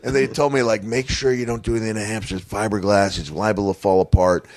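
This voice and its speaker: Middle-aged man telling animated stories. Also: lowish voice, fast talker, no room sound. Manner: animated storyteller who acts out quoted voices. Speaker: podcast guest, wrestler. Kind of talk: casual storytelling chat. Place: hotel room.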